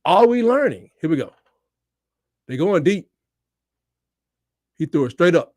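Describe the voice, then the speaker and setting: A man giving live, excitable reaction commentary on a football game, swinging between shouts and mutters. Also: high-pitched, normal speed, long pauses. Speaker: fan watch-along host.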